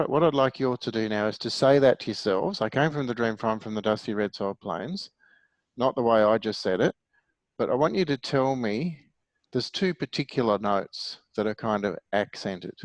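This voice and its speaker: A man's voice: mid-range voice, no echo, low-quality recording. Patient male music teacher, middle-aged, dry close mic. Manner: patient, explanatory, asks the class questions. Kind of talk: online music theory lesson.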